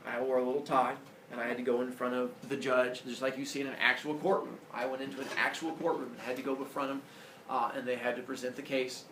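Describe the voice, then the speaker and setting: A man from Indiana telling a personal story at camp in an earnest, confessional way with halting fillers. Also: medium pitch, flat delivery, fairly bright tone, slight background noise. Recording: echoey room, voice from far off, faint ambience.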